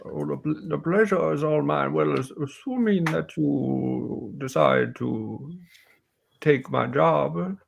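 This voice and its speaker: A man voicing a gruff, blunt old female warrior who speaks slowly and haltingly. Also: a little high, slight background noise, pitched above the performer's own voice, heavily acted. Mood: hesitant.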